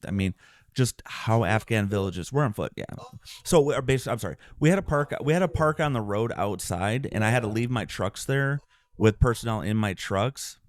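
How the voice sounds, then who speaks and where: A man, a military veteran, recounting his deployment in an earnest podcast interview, often clearing his throat and restarting sentences. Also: on the low side, animated, normal speed, no echo.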